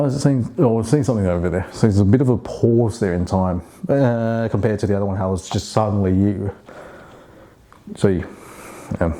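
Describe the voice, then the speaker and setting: Brief: male vlogger, mellow low voice, loose rambling monologue. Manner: rambling, many restarts and fillers. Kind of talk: casual monologue.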